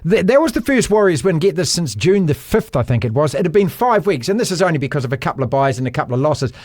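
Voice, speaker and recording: Brief: New Zealand man in his sixties, sports host, quick and a little high, dry. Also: very animated, darkish tone, dry recording. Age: 60s. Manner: quick, chatty interjections. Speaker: show host. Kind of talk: casual sports talk.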